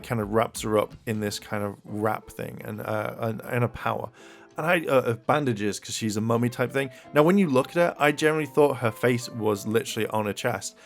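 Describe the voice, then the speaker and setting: Chatty male reviewer, mid-pitched, rambling and excitable, faint music bed. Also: vocal fry. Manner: rambling, many fillers and restarts, excitable. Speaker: episode reviewer. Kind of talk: casual video review.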